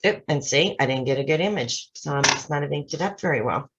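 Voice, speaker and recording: A woman's voice: sits low, lively intonation, fast, heavy background noise. A woman hosting a casual card-making tutorial at her craft desk, chatting her way through each step with self-deprecating asides. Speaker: craft channel host. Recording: slightly dull lo-fi sound.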